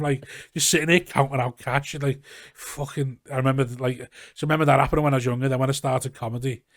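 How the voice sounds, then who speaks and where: A man's voice: mid-range voice, steady tone, quick pace, few pauses, no room sound, clean studio sound. Scouse man telling rambling stories. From Liverpool, England. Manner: rambling anecdotal storytelling, acting out quotes, frequent swearing. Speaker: comedian guest. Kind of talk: casual podcast chat. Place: garage.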